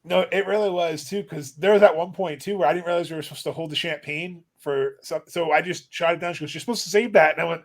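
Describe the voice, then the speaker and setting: Guy with a higher voice chatting, laughs a lot, friendly storytelling. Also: fairly even intonation, fast talker, hardly any pauses. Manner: laughs often, softens into supportive asides. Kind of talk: casual chat.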